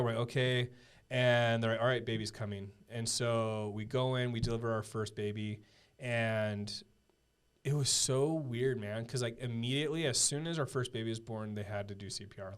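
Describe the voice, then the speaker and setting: A man in his thirties, a podcast guest telling a personal story in a casual, earnest way, full of halting restarts and fillers. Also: medium pitch, fairly even intonation, smooth.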